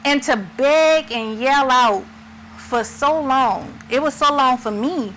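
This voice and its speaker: A middle-aged woman co-hosting a talk show, speaking slowly and emphatically with emotion. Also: sits high, fairly bright tone, slight background noise, poor audio. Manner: slow, emphatic and tearful. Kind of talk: impassioned discussion.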